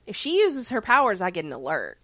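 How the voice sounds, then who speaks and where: A woman's voice: medium pitch, wildly swooping pitch, a little fast, a bit bright, dry recording, clean studio sound. A woman co-hosting a casual podcast, recapping a TV episode and swearing now and then. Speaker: podcast co-host. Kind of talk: casual chat.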